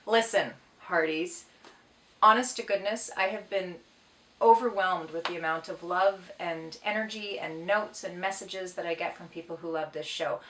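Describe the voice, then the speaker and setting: In this casual self-recorded Q&A, a middle-aged actress from Canada reads questions from fans and answers them in a joking, playful manner. She speaks at a moderate pace in a fairly low, slightly bright voice. Recorded far from the mic in an echoey room.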